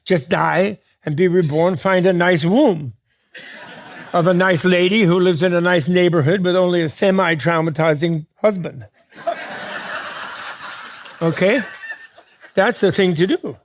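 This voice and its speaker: A man giving a dharma talk to an audience as a Buddhist teacher, digressive and joking, often restarting mid-thought. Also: high-pitched. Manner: digressive, joking, quick asides with laughs.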